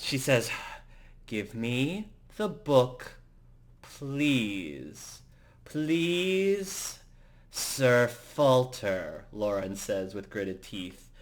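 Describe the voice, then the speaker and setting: A man narrating a tabletop game as game master, in a halting way with many fillers and restarts. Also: lowish voice, a bit bright.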